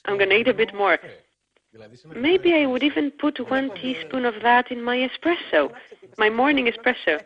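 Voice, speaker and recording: Woman interpreter, highish voice, talks fast and loose with fillers, dull lo-fi stream audio. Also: lively intonation. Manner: quick, conversational, with many fillers like "you know". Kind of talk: simultaneous interpretation.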